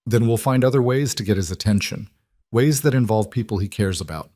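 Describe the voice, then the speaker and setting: A man reading a smooth menacing mobster. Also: on the low side, a little fast, warm tone, no room sound, studio quality, close to an everyday voice. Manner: menacing, falsely friendly. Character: cold threatening mobster man. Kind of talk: audiobook character reading.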